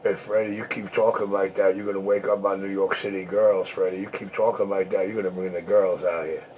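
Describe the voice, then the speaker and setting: A man's voice: deep voice, level tone, fairly quick, heavy background noise. A man talking over CB radio, repeating call signs and pressing his points emphatically. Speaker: CB radio talker.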